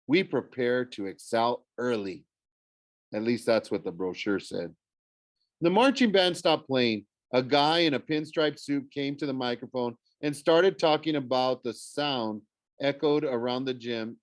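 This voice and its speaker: A man's voice: medium pitch, no room sound. Man casually reading a novel aloud. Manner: casual, stumbles and corrects himself. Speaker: audiobook reader. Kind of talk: first-person novel reading.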